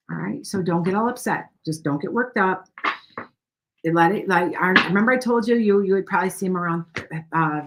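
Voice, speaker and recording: A woman's voice: medium pitch, a bit bright. A middle-aged woman hosting a casual livestream tarot reading, rambling and reassuring viewers by name. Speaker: tarot reader and livestream host.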